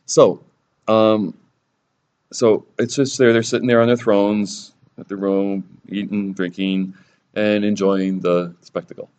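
A man's voice: fairly low pitch, level tone, takes it slowly, a little mellow, clean tone. A man teaching a Bible lesson sermon-style, sarcastic and theatrical, raising his voice for the quoted lines.

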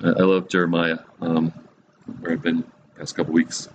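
A man leads a relaxed Bible teaching in a fairly low voice, mixing reading with quick jokes and frequent chuckles. He turns to his listeners with direct, searching questions. A faint hum of room noise sits behind him. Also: highs cut off. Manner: chuckles often, humorous asides.

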